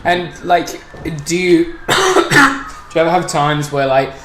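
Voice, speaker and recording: A man's voice: fairly high pitch, sing-song, takes it slowly, very noisy. A man hosting a podcast, interviewing his guest in a casual, teasing way and laughing along. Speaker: podcast host. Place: Manchester. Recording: roomy echo, faint ambience.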